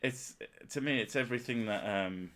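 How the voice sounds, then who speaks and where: A man's voice: medium pitch, moderate pace, a bit bright. A man hosting a livestream, chatting casually, with crude, self-mocking jokes. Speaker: streamer and host.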